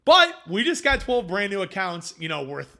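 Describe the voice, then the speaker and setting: A man's voice: sits high, moderate pace, vocal fry. A man, a food company founder, telling his story in a casual interview and acting out quoted conversations. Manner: animated, acts out quoted dialogue.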